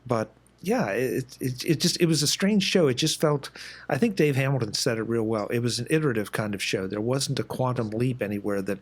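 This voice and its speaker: A man from the East Coast of the United States hosts a relaxed podcast interview over a video call. His voice sits in an ordinary middle pitch, and he talks in a chatty, storytelling way. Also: fairly quick. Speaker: podcast host. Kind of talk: casual interview chat.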